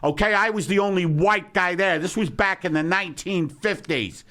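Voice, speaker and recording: Comedy podcast host, male, 60s, New York accent, sarcastic rants, bright tone. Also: high voice, normal speed. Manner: ranting, shouting swings, sarcastic. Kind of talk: comedic rant.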